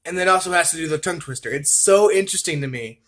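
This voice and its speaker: Male vlogger, a bit high-pitched, rambling casual chat, self-mocking, drills tongue twisters. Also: fast talker, fairly bright tone. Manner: rambling, chatty, laughs at himself, repeats tongue twisters.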